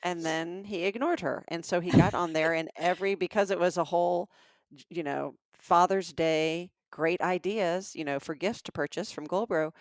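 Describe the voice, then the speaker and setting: A Southern woman in her fifties co-hosts a podcast, chatting casually in her accent and laughing often. Her voice is lowish and moderately paced, with studio quality and no echo.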